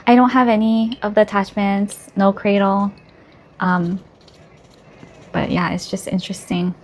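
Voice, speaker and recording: A woman's voice: medium pitch, level tone, unhurried, a little hiss or hum. A woman filming an unboxing vlog, gushing, gasping and squealing with delight. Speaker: vlogger.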